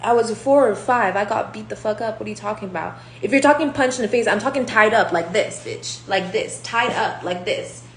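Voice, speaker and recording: A woman's voice: medium pitch, a little fast, few pauses. A brash young woman reading tarot cards in a loose, rambling rant, swearing and calling people out as she goes. She is recorded in a roomy, echoey space with a faint hum underneath. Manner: profane and confrontational, rambling. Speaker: tarot reader.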